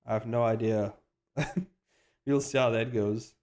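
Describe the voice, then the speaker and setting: A man chatting casually on a live stream while he animates, excitable and hyping himself up, swearing freely, rambling with restarts and slang. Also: mid-range voice, measured pace. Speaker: animator streaming his work.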